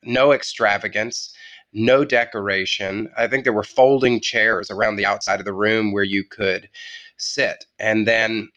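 A man's voice: lowish voice, fairly even intonation, bright, forceful tone, dull audio. Reflective male guest telling a story. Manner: reflective, measured, halting restarts. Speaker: guest writer. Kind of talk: interview storytelling.

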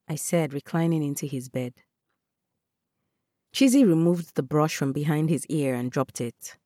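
A woman reading a first-person story aloud in a calm, measured way. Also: low-pitched, no room sound, clean studio sound. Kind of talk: scripted first-person narration.

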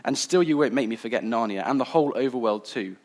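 A man's voice: mid-range voice, quick pace, darkish tone, natural voice. A man reading aloud as a stubborn male marsh creature who defiantly insists on what he knows.

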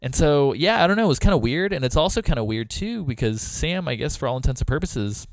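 A man's voice: medium pitch, lively intonation, quick pace, dry recording. Reflective man leaving his podcast, dry sound. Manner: reflective, a little emotional, hesitant. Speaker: departing podcast co-host. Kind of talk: casual chat.

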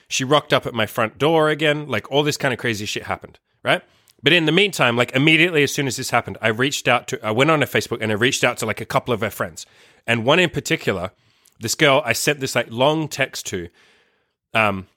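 A man's voice: mid-range voice, bright, forceful tone, dry recording, clean studio sound. A young man telling a long personal story in a casual, profane, emphatic way, full of "like". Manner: profane, emphatic, heavy use of "like". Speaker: storyteller host.

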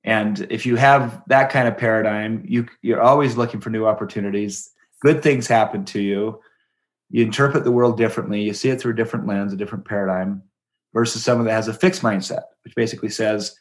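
A middle-aged man talking as a guest in a conversational interview, an animated storyteller who acts out the voices he quotes and laughs as he talks. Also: lowish voice, brisk. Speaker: guest, education company president.

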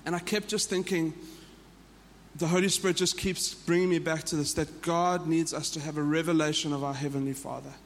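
A man's voice: a little high, steady tone, brisk, long reverb tail. A man with a South African accent, preaching a sermon to a church in an earnest way that often repeats and restarts phrases. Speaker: pastor.

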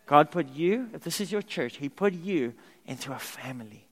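A man pastor preaching a sermon in a church, emphatic and animated, repeating key words for effect. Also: a little high, moderate pace. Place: church sanctuary. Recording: long reverb of a church hall.

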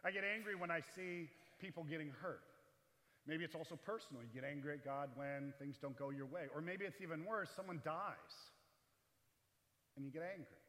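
A man preaching a sermon as pastor in a chapel, animated, swinging between loud and hushed delivery. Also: on the high side, normal speed, long reverb tail. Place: large echoey chapel.

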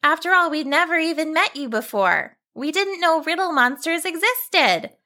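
A woman's voice: very high voice, animated, normal speed, bright, forceful tone, voice pushed up, exaggerated voice. A woman voicing a bold, cheerful young girl with an eager, chatty manner.

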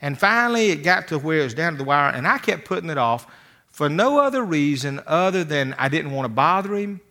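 Older male motivational speaker; bright, slightly high voice; folksy storyteller who stammers into his sentences. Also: sing-song, fairly quick. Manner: folksy storytelling, repeats words when starting sentences. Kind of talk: motivational talk with stories.

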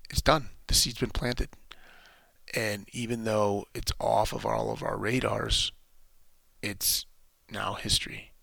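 A man's voice: lowish voice, little pitch movement, slow, vocal fry, sharp tone, dry recording. A man in a casual spoken monologue, thinking aloud and rambling with frequent restarts.

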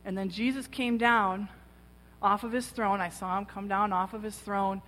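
A woman's voice: medium pitch, fairly even intonation, normal speed, fairly bright tone. A woman preaching a personal testimony to a women's gathering, telling her story and acting out the voices of others. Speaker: speaker at a women's church gathering. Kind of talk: sermon testimony. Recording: long reverb of a large hall.

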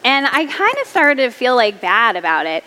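A woman's voice: on the high side, big pitch swings, normal speed, bright, forceful tone, long reverb tail. A woman around forty giving an upbeat motivational talk to mothers, chatty and self-deprecating, laughing easily. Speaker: speaker addressing mothers.

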